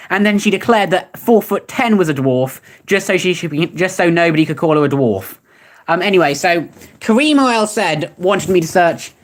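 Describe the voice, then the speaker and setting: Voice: mid-range voice, lively intonation, fairly quick. A young adult streamer chatting casually while reading search results aloud, rambling and laughing at what they find. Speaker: streamer reacting to web searches. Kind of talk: casual chat.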